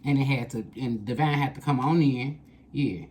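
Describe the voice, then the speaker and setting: A woman's voice: a bass voice, moderate pace, background noise. A woman doing a casual tarot reading, blunt and profane, repeating lines for emphasis. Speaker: tarot reader.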